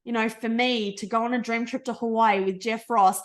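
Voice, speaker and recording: A middle-aged woman with an Australian accent, leading a motivational team call in a bubbly, effusive, casual way, swinging between fast and slow. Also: a little high, steady tone. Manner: speeds up and slows down a lot. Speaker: team leader presenting a business call.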